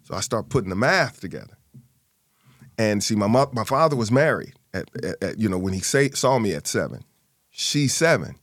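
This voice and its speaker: A man's voice: normal speed, no room sound. Dry-voiced man telling a family story. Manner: animated, acts out quoted voices with big pitch jumps. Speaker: guest. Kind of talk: personal storytelling in an interview.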